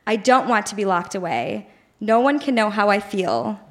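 A woman's voice: medium pitch, expressive, normal speed. A woman reading her teenage journal aloud on stage at a live show, in a pleading, melodramatic way. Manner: pleading, melodramatic teen outbursts. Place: live bar venue.

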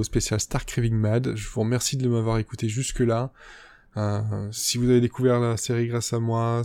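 A man's voice: mid-range voice, dark tone. A man hosting a casual review podcast, talking hesitantly with many restarts. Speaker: podcast host.

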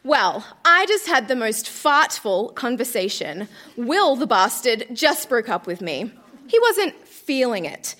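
A woman's voice: fairly high pitch, sing-song, measured pace, a bit bright. A young woman on a theater stage reading her teenage diary aloud in a melodramatic way, often breaking into laughter. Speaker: reader at a live storytelling show.

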